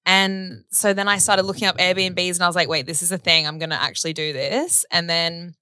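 Chatty low-voiced woman. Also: fairly even intonation, brisk, bright, forceful tone, dry recording. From Australia. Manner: chatty, giggly storytelling. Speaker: podcast co-host. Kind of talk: casual chat.

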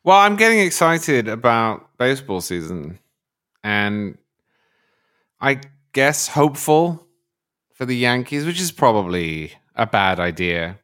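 A man's voice: medium pitch, big pitch swings, slow pace, fairly bright tone. A man on a podcast panel chatting casually in a wry, self-mocking way.

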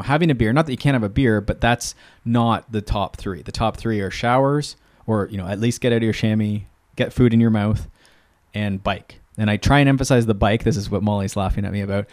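Male co-host and coach, lower voice, dry close sound, practical and rambling. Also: a little mellow, no room sound. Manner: practical, filler-heavy with frequent "you know". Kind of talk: casual coaching chat.

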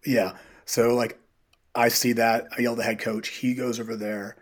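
A man who coaches high school runners, a podcast guest telling stories in a casual, animated way and acting out what people said. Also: normal speed. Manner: animated, quotes people in dialogue. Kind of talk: casual interview storytelling.

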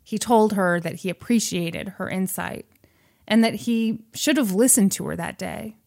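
A woman casually retelling a film's plot to a friend, acting out the characters' lines in quick asides. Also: mid-range voice, creaky, darkish tone. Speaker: podcast host retelling a film plot. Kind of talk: casual storytelling chat.

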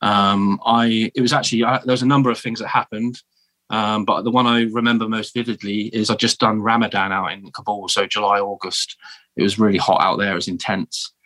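Southern English man telling stories, low voice. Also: a little fast. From south of England. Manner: animated, self-deprecating storyteller with frequent restarts. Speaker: guest, former Marine turned teacher. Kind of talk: casual storytelling interview.

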